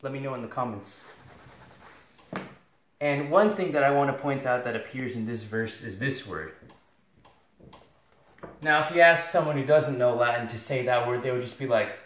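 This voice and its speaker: A man's voice: mid-range voice, normal speed, pauses often, a bit bright. A man giving a casual, joking Latin lesson, sarcastic and rambling, with self-deprecating asides. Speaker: video tutor for Latin students. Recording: echoey room.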